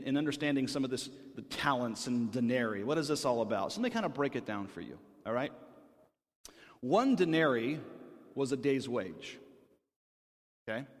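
A man's voice: medium pitch, a bit bright. A male pastor preaching a sermon in a conversational manner, often checking in with his listeners. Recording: long hall reverb.

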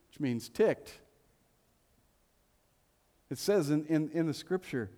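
Joking pastor with a mellow voice. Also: male voice, mid-range voice, normal speed. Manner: conversational and joking, with playful asides. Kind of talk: sermon. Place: church sanctuary. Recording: long reverb of a church hall.

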